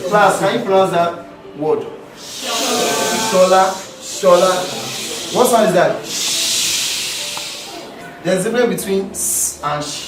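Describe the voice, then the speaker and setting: A man with a Nigerian accent teaching pronunciation to a class, drilling sounds by repeating words loudly. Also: high-pitched. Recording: echoey room from far off with music.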